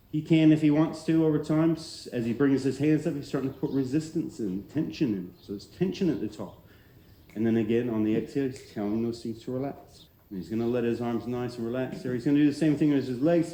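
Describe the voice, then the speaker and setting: A man on a headset mic talks a student through a slow relaxation drill in a calm, steady way. His voice is mellow and dark at a middling pitch. His sentences often fade softly at the end, and the recording carries a roomy echo. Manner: calm, steady instruction with soft trailing ends. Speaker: martial arts instructor.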